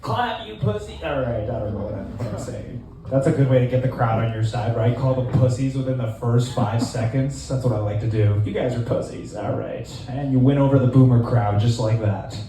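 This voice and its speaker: A man in his twenties doing a stand-up set in a small club, deadpan and rambling, with lots of fillers. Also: medium pitch, fairly quick, very echoey, recorded from a distance, noisy background. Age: 20s. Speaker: stand-up comedian.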